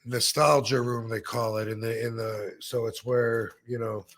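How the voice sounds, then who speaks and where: Dude on a podcast spinning a story, super laid back, lots of ums and swearing. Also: male voice, mid-range voice, steady tone, a little slow, fairly bright tone. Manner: laid-back, rambling with fillers and profanity. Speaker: podcast host. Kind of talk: casual storytelling.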